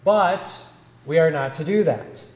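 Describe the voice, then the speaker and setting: Slow, deliberate male pastor in an echoey room. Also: on the high side, a little mellow. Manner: measured, deliberate teaching delivery. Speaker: Lutheran pastor. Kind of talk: sermon.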